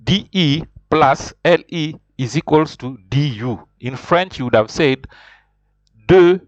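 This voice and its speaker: A man's voice: on the high side, takes it slowly, dry recording. A man teaching beginner French in an informal online lesson, explaining patiently and circling back to rephrase himself. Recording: dull lo-fi voice recording.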